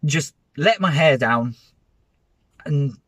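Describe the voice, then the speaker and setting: A man, a dog walker gushing with excitement and laughing often as he talks through his week on a live stream. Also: on the high side, slow pace. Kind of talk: casual live stream roundup.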